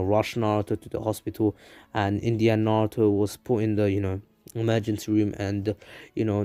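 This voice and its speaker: A man telling a fan story in a loose, rambling way, filling every gap with fillers. His voice is low and mellow, recorded dry and close, with soft music in the back. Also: dry recording. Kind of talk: casual fan story narration.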